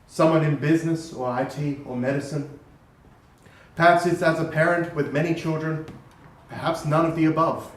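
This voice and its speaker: A man, a priest, delivering a sermon in a measured, earnest way in a church, heard from a distant mic. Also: a little high. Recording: roomy church echo from far off.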